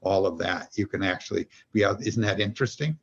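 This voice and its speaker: Somewhat dull, lo-fi audio captures a podcast guest whose low, gravelly, husky voice moves fairly quickly. He explains his thinking conversationally, dropping in short stories, performing an inner voice, and repeatedly cutting himself off to begin again.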